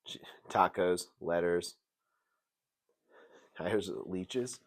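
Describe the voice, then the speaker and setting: A man hosting a casual TV review show, animated and jokey, swinging between loud bursts and mutters. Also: low voice, very slow. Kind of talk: casual commentary.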